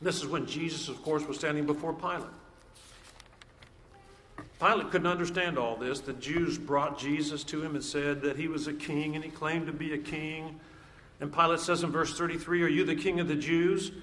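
A man preaching a sermon in an emphatic way, repeating key phrases and slowing down to stress them. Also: a little high, steady tone, a bit bright. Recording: echoey hall, faint background noise.

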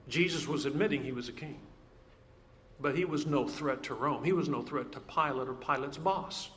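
A man's voice: on the high side, a bit bright. Emphatic male preacher in echoey hall. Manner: emphatic, repeats key phrases, slows down for stress. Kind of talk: sermon. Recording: echoey hall, faint background noise.

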